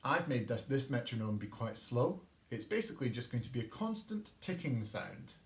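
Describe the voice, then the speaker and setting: An Englishman teaches a recorded online music lesson for children, chanting rhythm words and encouraging his pupils. His medium-pitched voice is sing-song at normal speed, in an echoey room with faint noise.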